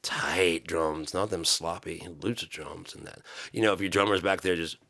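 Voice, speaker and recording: A man doing a comedic ranting gear review. He swears a lot and swings from low muttering to loud shouting. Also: fairly even intonation, brisk, gravelly, background noise.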